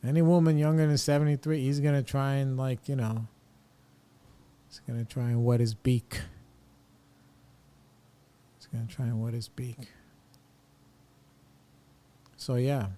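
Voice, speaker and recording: A man's voice: medium pitch, level tone, unhurried, long pauses, warm tone. A middle-aged man hosting a podcast, ranting bluntly and casually in slangy opinionated talk. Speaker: podcast host.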